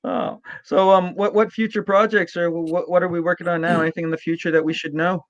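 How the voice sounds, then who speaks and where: A man's voice: high-pitched, little pitch movement, fast talker, dry recording, dull audio. A man hosting a casual interview, joking and stammering over restarts. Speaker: podcast host.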